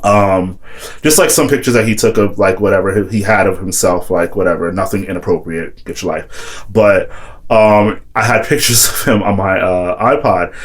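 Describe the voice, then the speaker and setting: A young man vlogging, casually telling a high school story with lots of "like" and "whatever". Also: moderate pace. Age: young adult. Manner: rambling, heavy use of "like" and "whatever", quotes friends in a raised voice.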